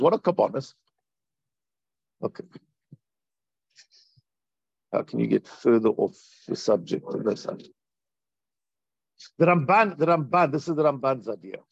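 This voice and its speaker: A man teaching a Torah class as a rabbi, animated and repeating phrases for emphasis. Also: fairly high pitch, creaky, slightly rough, no room sound, highs cut off. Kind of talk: Torah class on Tisha B'Av.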